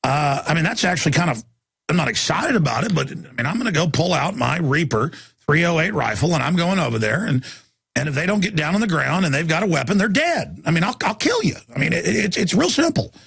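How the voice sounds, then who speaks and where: A man's voice: a little high, big pitch swings, fast, vocal fry, a bit bright, breathy edge, dry recording, clean studio sound. A man from Texas, hosting a talk radio show and ranting in a heated, rambling way, often repeating words as he restarts.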